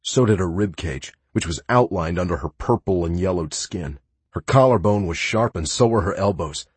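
A man's voice: low voice, moderate pace, breathy edge, no room sound. A man giving first-person audiobook narration in a sarcastic, playful and brash manner.

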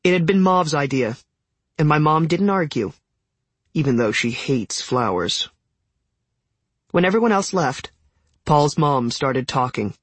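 Husky guy reading an audiobook, a bit high-pitched, wry chatty tone, dry room. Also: animated, measured pace, pauses often, fairly bright tone, no room sound. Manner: wry, conversational storytelling. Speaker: audiobook narrator. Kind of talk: scripted first-person narration.

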